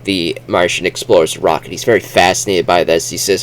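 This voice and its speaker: A man giving a casual, rambling book review vlog, talking haltingly and restarting his sentences. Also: low-pitched, fairly bright tone.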